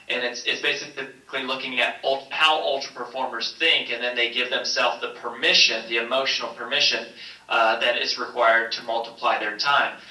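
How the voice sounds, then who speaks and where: Male author guest, energetic storyteller, very bright tone, roomy distant sound. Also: mid-range voice. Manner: energetic storyteller with a polished speaking rhythm. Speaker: author and speaker, interview guest. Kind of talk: interview answers with told anecdotes. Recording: roomy echo, distant mic.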